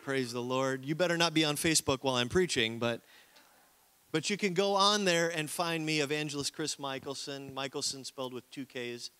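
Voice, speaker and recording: A man's voice: mid-range voice, brisk, bright, forceful tone, clear, resonant tone. A man from Minnesota, an evangelist preaching a sermon in a conversational way, often calling out for amens. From Minnesota, USA. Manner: conversational preaching with frequent call-outs for amen.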